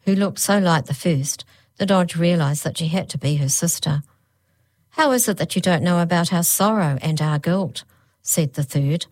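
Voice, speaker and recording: A woman narrating a children's storybook aloud, slowing right down on the spooky phrases. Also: sits low, darkish tone, no echo. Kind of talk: storybook reading.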